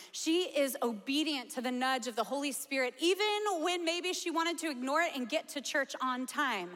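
A high-pitched woman delivers a sermon in an animated, storytelling way. Her voice rings with long reverb, as if in a large church sanctuary. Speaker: pastor.

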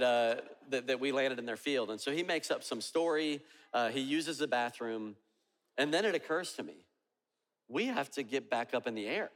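Animated male pastor in a reverberant hall. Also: a little high. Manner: animated storyteller acting out dialogue. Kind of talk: sermon storytelling. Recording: long reverb of a large hall.

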